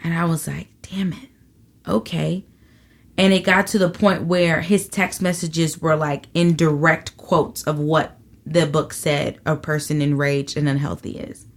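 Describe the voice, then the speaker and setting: A woman comedian guest in a casual interview, telling stories in an animated, profane way and acting out quotes. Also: low-pitched, moderate pace.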